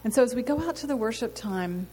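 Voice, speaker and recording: A woman's voice: fairly high pitch, animated, quick pace, dark tone, slightly rough. A woman giving an earnest sermon testimony to a women's gathering, telling a story and asking rhetorical questions. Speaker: women's ministry speaker. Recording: long hall reverb, faint noise.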